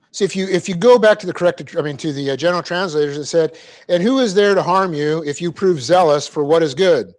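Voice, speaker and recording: Male pastor-teacher, slightly high voice, slow deliberate dictation, wry asides. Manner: dictates punctuation slowly, joking asides. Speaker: pastor teaching a Bible class. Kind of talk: verse-by-verse Bible teaching. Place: church classroom.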